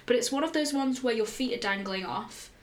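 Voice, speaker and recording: A young woman, co-hosting a casual chat podcast, often pausing to search for words. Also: fairly high pitch, a loud crowd. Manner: relaxed, hesitant, trails off searching for words. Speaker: podcast co-host.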